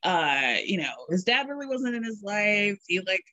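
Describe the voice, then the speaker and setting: A woman's voice: mid-range voice, moderate pace, no echo, muffled recording. A woman co-hosting a podcast, recapping a show in casual chat and giggling often. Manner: giggly, animated storytelling with quoted voices. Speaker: podcast co-host.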